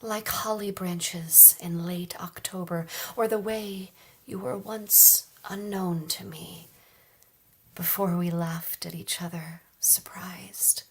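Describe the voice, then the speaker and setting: A woman at an open mic reading poems aloud in a soft, measured way, dropping into hushed, whispered phrases. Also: on the low side, fairly even intonation, slightly rough. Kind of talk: poetry reading.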